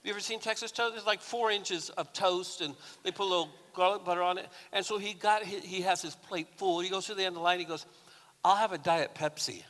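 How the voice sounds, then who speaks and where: A pastor giving a sermon in a conversational, storytelling way with touches of humor, recorded in a church. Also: male voice, sits high, fairly even intonation, quick pace, few pauses, a bit bright, big-room sound. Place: church sanctuary.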